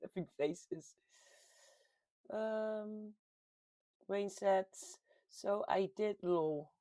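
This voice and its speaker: This livestream host, a woman from the Netherlands with a Dutch accent, speaks very slowly in a warm, medium-pitched voice. Chatting casually from home, she reads out comments from her viewers and laughs frequently; there's no echo.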